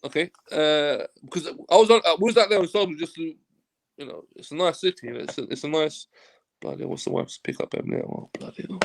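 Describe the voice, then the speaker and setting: Gravelly man telling a story. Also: fairly high pitch, brisk. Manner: animated storyteller who acts out quoted dialogue and swears freely. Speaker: football agent, interview guest. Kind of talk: casual anecdote told in an interview.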